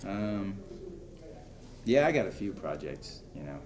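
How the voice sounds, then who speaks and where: A man, an actor, chatting casually in an interview, relaxed and full of fillers like "you know.". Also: deep voice, unhurried, noisy background. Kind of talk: casual chat. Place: convention room with crowd around.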